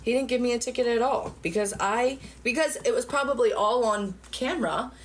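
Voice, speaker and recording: A middle-aged woman at home telling viewers a long story in a rambling, animated way, full of fillers and swearing. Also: fairly high pitch, a little fast. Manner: rambling, animated retelling with lots of fillers and profanity. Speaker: vlogger.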